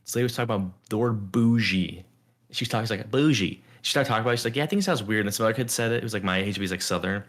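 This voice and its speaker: A young man with a lowish voice talks loosely on a podcast, piling up fillers as he tells stories. He mimics the voices of people he complains about. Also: fairly even intonation, racing, fairly bright tone. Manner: rambling, filler-heavy storytelling with mocking quoted voices. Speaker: podcast co-host. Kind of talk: casual chat.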